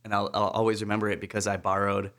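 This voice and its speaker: Relaxed man in his thirties, casual co-host, rambling and laughing storyteller. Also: on the low side, quick pace. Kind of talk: casual chat.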